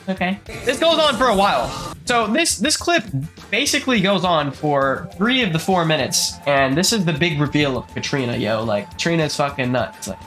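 A man's voice: a little high, sing-song, normal speed, sharp tone, faint music behind. A man giving casual, comedic movie commentary, profane and incredulous, his speech full of fillers. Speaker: movie reviewer.

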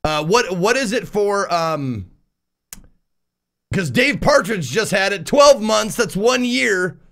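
A man's voice: high voice, lively intonation, takes it slowly, fairly bright tone. A man casually chatting on a live stream, reading out viewer messages, swearing and laughing often. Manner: profane, laughing, reads chat aloud. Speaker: game streamer.

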